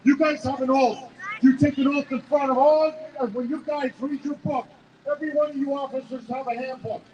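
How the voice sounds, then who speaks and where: A man's voice: very high-pitched, fairly even intonation, brisk, darkish tone, highs cut off. Man, rally speaker, stammering, emotional, outdoor square, faint street noise. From Canada. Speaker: rally speaker, business owner. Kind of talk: impassioned rally speech. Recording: echoey outdoor PA from far off.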